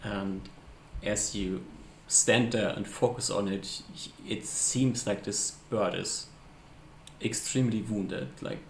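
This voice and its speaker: A man's voice: lowish voice, fairly even intonation, slow, gravelly. A man narrating a tabletop game as game master, hesitant and often searching for words. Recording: echoey room, faint hiss.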